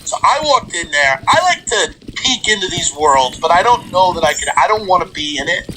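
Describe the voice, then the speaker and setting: A man's voice: high voice, moderate pace, a little hiss or hum, rough recording. A man hosting a casual chat, telling funny stories and acting out the people in them. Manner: animated comic storyteller, acts out quotes.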